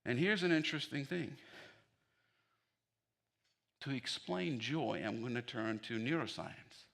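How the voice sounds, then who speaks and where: Bright-voiced male pastor preaching. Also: medium pitch, unhurried, vocal fry. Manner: storytelling with humor, rising to excited emphasis. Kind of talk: sermon. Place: church sanctuary.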